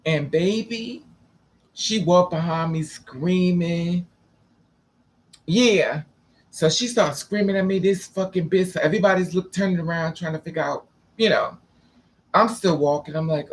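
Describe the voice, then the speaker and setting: A man's voice: fairly high pitch, moderate pace. A man telling a personal story in a casual, profane, dramatic way, acting out the people in it. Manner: profane, dramatic, switching between quoted voices.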